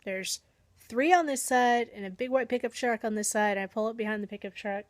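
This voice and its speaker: Woman, vlogger, casual storytelling, slightly high voice, chatty, self-deprecating, dry close sound. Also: fairly quick, dry recording. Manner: chatty and self-deprecating, acts out her own thoughts.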